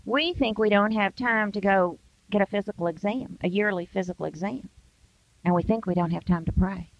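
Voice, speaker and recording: With a mid-range voice, vocal fry and a normal speed, an older American woman gives a Christian devotional talk emphatically, voicing everyday excuses as quotes. There's no echo, and the sound is dull and dry.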